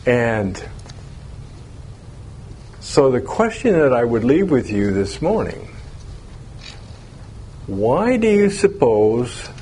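Man, Bible class teacher, unhurried and conversational, faint room hiss. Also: mid-range voice, big pitch swings, dark tone. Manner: conversational, asks the class questions, chuckles.

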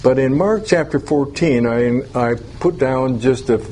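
A man's voice: mid-range voice, unhurried, dark tone. A man teaching an informal Bible class, conversational, putting questions to the group and chuckling now and then.

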